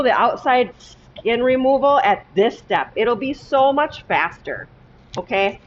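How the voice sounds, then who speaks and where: A woman with a higher voice teaches a cooking lesson in her home kitchen, walking through each step and often checking in with "okay?". The recording is muffled, with slight background noise.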